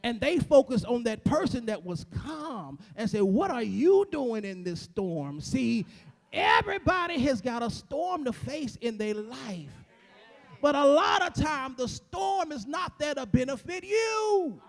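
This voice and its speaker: A man delivers a church sermon in a strikingly high voice. His pitch moves in wide, lively swings. He builds to a whooping, shouted cadence full of repeated phrases. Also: a little slow. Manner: call-and-response repetition. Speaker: preacher.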